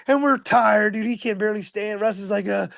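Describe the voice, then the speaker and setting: A man's voice: high-pitched, brisk, gravelly, fairly bright tone, no room sound. A man telling a fishing story in a casual, rambling, slangy way.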